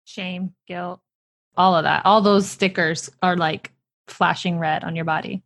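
A woman's voice: lowish voice, fairly even intonation, a little slow, a bit bright. A woman hosting an interview, asking questions in an empathetic way.

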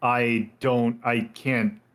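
A man running a tabletop role-play game as game master. He explains the setting hesitantly, with many fillers and restarts. His voice sits at an ordinary middle pitch. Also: little pitch movement, drawn-out words, fairly bright tone. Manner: hesitant, full of fillers, explains rules at length.

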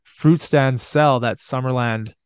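Man, mid-pitched voice, casual rambling chat, easygoing, dry close mic. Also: steady tone, slow, clear, resonant tone, no room sound.

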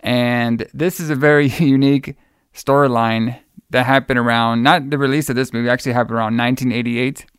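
Smooth-voiced man hosting a casual chat. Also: medium pitch, fairly even intonation, brisk, dry recording, clean studio sound. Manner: rambling, enthusiastic storyteller. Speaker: podcast host.

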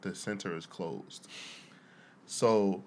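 A man's voice: sits low, fairly even intonation, slow pace. A young man telling a long story in casual podcast chat, with many fillers and laughs at the punchlines. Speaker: podcast co-host.

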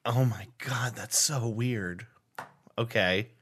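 A woman's voice: very deep voice, slow pace, fairly bright tone, slightly rough. A woman co-hosting and playing a guessing game in casual banter, joking with dry self-mockery. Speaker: co-host and contestant.

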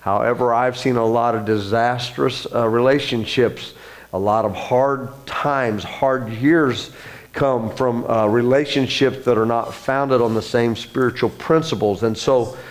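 A man preaching as a church pastor, earnest, with frequent fillers and restarts, his voice rising higher as he presses a point. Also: fairly even intonation, a little slow. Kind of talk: sermon.

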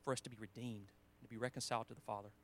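A man preaching a sermon in a conversational way, with restarts, quoting scripture, swinging between emphatic lines and quiet asides. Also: medium pitch, flat delivery, racing.

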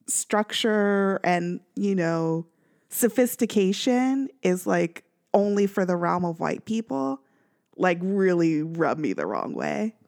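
A woman from Missouri in casual chat as a podcast co-host, lively and full of fillers and laughter. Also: fairly low pitch, slow, creaky. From Missouri, US Midwest. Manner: lively, animated, laughs often, many fillers.

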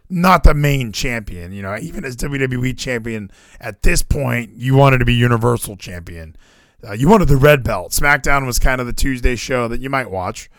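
A man's voice: mid-range voice, a bit bright, no echo, clean studio sound. A man hosting a casual podcast chat, joking and rambling. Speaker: podcast host.

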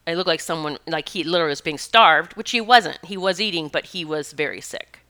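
Woman, animal communicator, casual storytelling, rambling and self-correcting, bright voice. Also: low voice, fairly quick. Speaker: animal communicator and Reiki practitioner.

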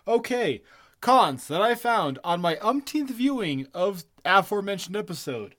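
A man's voice: high-pitched, very animated, a little slow, a bit bright. A man co-hosting a podcast, joking around and swearing emphatically. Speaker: podcast co-host. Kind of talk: casual podcast chat.

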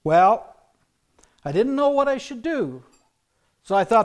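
A man preaching a sermon built on his own testimony, telling it earnestly and dropping to a hush for emphasis. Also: very high-pitched, very animated, takes it slowly, pauses often.

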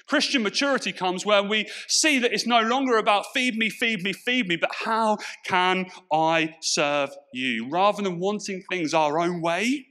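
In a high, sharp voice, a Portsmouth pastor with an English accent delivers his sermon at a measured pace with hardly any pauses. He drives his points home through emphatic rhetorical questions.

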